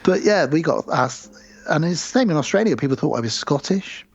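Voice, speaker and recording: A man's voice: a little high, animated, a little fast, slightly rough, soft background music. An English man co-hosting a podcast, telling stories in a wry, rambling way. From England. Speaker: podcast co-host. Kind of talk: casual chat. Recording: dull lo-fi sound.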